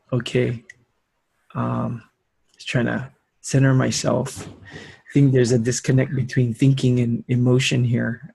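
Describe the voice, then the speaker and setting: A man speaking hesitantly and softly with many fillers, reflecting on a story over a video call. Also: mid-range voice, vocal fry, breathy edge, no echo, rough recording. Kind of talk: reflective conversation.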